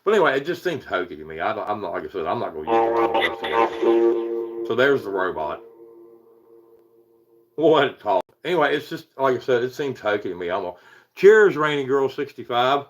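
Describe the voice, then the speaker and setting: A man's voice: mid-range voice, very animated, fairly quick, soft background music, poor audio. A man from Virginia with an Appalachian hill accent, chatting casually on a livestream, rambling and chuckling as he reads out viewers' names. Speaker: paranormal livestream host.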